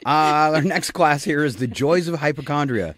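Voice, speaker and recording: Male morning radio host, a little high, very animated, joking banter, dry studio sound. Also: moderate pace, dry recording. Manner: joking, laughs often.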